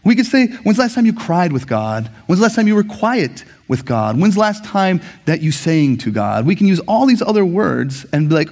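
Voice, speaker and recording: A man preaching a sermon as pastor, conversational and animated, often checking in with the congregation with asides. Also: sits high, normal speed.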